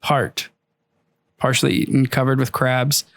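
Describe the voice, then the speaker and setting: A man's voice: mid-range voice, level tone, unhurried, vocal fry, a bit bright. A man on a podcast, recapping a movie's plot in casual chat and laughing often. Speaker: podcast host.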